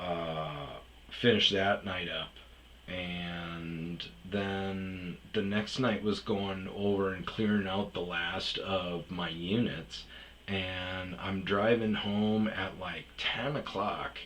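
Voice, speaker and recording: Low-voiced man telling a rambling story. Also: steady tone, very slow, fairly bright tone, slight background noise, poor audio. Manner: rambling, heavy swearing, many fillers. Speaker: storyteller host. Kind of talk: casual profane storytelling.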